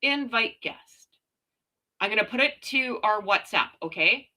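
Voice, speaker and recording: A middle-aged woman from Canada hosting a casual livestream, loud and chatty with a slight stutter, reading out viewers' comments. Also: on the high side, animated, measured pace. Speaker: livestream host.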